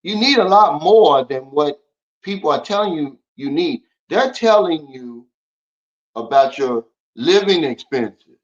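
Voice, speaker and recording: A man hosting a casual livestream, talking bluntly and lecturing his viewers as he answers their comments. His voice sits a little high for a man. The audio is dull and lo-fi. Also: animated, measured pace. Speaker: livestream host.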